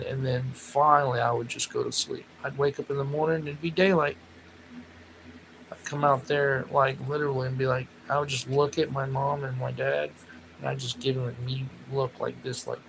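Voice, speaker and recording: A man chatting casually with viewers on a livestream, telling rambling stories with animated outbursts. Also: medium pitch, normal speed, vocal fry, noisy background. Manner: rambling, animated storytelling with loud laughing outbursts. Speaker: livestream host.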